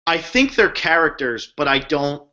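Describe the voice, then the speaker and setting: A young man from New Jersey co-hosting a podcast, talking in an animated, emphatic, slangy way. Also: on the high side, normal speed. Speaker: podcast co-host. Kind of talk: casual chat. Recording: dull lo-fi recording.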